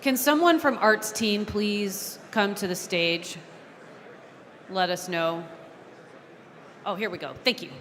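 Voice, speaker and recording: A woman chairing a large convention from the podium, keeping a noisy crowd in order with a firm, brisk manner. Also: mid-range voice, fairly bright tone. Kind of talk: running a convention floor. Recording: long hall reverb.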